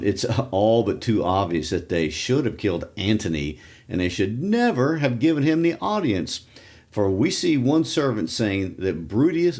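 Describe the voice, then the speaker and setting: Man, podcast co-host, very low voice, wry asides, explains history. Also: darkish tone. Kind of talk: literature podcast discussion.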